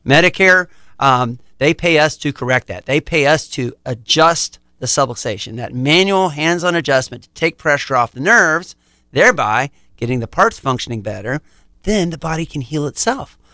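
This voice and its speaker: A man's voice: fairly high pitch, lively intonation, moderate pace, pushed and bright, dry recording. A middle-aged man, a chiropractor, explaining his practice confidently in a podcast interview. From United States.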